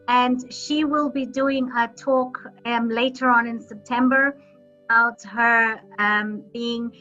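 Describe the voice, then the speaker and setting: A woman hosts a video call in a bright, forceful voice that sits a little high, and she talks in a chatty, encouraging way. The audio is dull, with faint music behind her. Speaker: host. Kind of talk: online meeting hosting.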